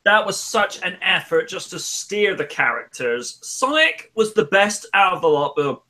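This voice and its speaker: A man's voice: high voice, sing-song, a little slow, sharp tone. A man hosting a casual gaming talk show, giving blunt, grumbling opinions. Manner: blunt, grumbling opinions with mock-quoted reactions. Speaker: show host.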